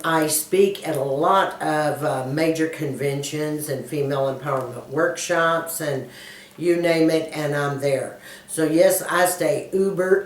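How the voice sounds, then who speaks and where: A folksy Texan woman in her sixties talks with her viewers in a low voice and calls them girlfriends. She sits some way back from the mic, and the room rings with echo. Her accent is thick and plain to hear. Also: distant mic. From Dallas, Texas. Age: 60s. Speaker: motivational speaker and YouTuber. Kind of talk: casual tag video, answering questions.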